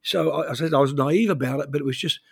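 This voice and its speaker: A man's voice: a little high, quick pace, creaky, slightly rough, no room sound, studio quality. An older man from New Zealand, a former journalist, telling anecdotes in a rambling, conversational interview.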